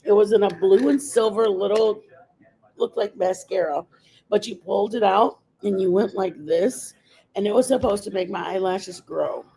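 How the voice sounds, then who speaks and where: A woman's voice: mid-range voice, moderate pace, gravelly, mellow, husky, low-quality recording. Chatty woman rambling on a makeup stream. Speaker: livestream host. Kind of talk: casual makeup livestream chat.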